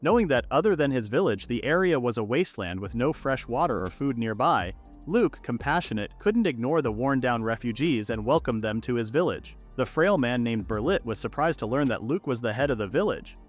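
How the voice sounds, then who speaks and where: A man narrates a story recap in a steady, scripted read. His pitch moves up and down in a lively way. Soft music plays quietly underneath. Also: brisk. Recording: narration with faint background music.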